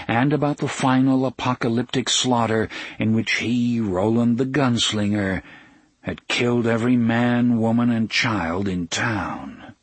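Husky male audiobook narrator. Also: medium pitch, no echo. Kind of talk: scripted narration.

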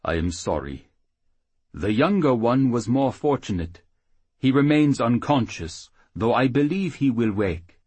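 A man voicing a small, solemn male halfling high priest who speaks formally and slowly. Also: expressive, a little mellow, breathy edge, dry recording. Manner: formal, grave, slow.

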